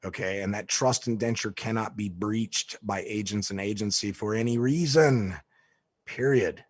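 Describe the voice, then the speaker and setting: A man speaking in an emphatic, lecturing way, stating his points flatly as a guest in a conversation. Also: fairly low pitch, normal speed, dry recording. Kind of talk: conversational interview.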